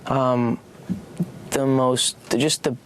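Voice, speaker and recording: A young man talking in a casual, halting way as an interview guest, full of fillers and restarts. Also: mid-range voice, flat delivery, a little hiss or hum.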